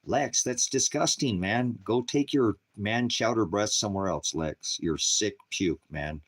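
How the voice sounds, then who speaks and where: Deep-voiced man rambling on a livestream. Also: a little slow. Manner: rambling, crude joking, baby talk to his dogs. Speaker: livestream host. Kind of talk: rambling casual livestream talk. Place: at home with his dogs.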